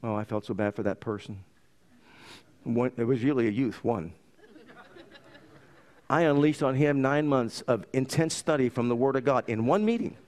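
A middle-aged male pastor preaching a sermon, telling his own story with lively energy and quoting scripture. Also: mid-range voice, normal speed, long pauses.

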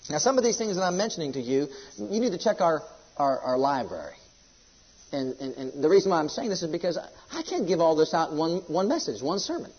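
A male pastor delivering a fervent sermon, swinging between loud exhortation and low, intense passages. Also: big pitch swings, a little fast, breathy edge, dull audio.

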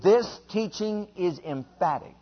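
A husky, fairly high-voiced man preaches at a slow, deliberate pace. He is emphatic and repetitive, calling on the congregation to repeat lines after him. The recording sounds dull and lo-fi. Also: animated. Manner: emphatic, repetitive, leads congregation in call-and-response. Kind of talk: sermon.

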